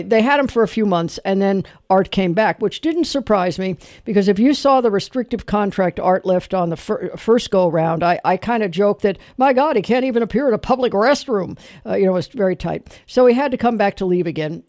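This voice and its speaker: A man's voice: sits high, brisk, few pauses, a little mellow, no room sound, studio quality. A middle-aged man hosting a late-night call-in radio show, talking candidly and rambling with many fillers and restarts. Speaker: radio talk show host.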